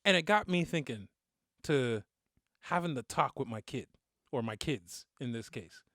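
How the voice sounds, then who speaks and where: A man's voice: mid-range voice, animated, measured pace, fairly bright tone, no room sound, clean studio sound. A man in his thirties co-hosting a podcast, chatting loosely with joking slang banter. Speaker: podcast co-host. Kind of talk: casual chat.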